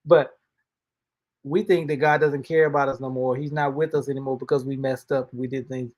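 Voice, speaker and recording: His voice is mid-range, steady, a little mellow, and delivered at an ordinary pace. As host of an easygoing devotional, the motivational speaker talks in a folksy, colloquial manner, often circling back and restarting his words.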